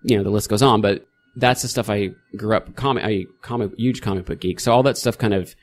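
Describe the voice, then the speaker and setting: A middle-aged man chatting as a podcast guest, rambling and correcting himself as he tells stories with lively energy. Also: fairly low pitch, a little fast. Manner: rambling, self-correcting, animated storytelling. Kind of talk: casual interview chat.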